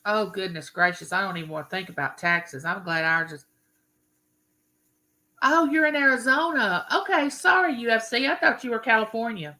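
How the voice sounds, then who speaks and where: Bright-voiced woman chatting live. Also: medium pitch, lively intonation, normal speed, poor audio. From Mississippi. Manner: friendly, greets viewers by name, rambling. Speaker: live-stream host. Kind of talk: chatty live-stream greeting viewers.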